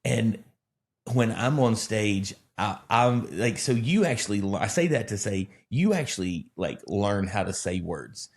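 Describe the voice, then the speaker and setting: A man from Alabama, a pastor in casual conversation who rambles and tells animated stories with self-deprecating humor. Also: lowish voice, unhurried. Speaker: pastor and podcast co-host.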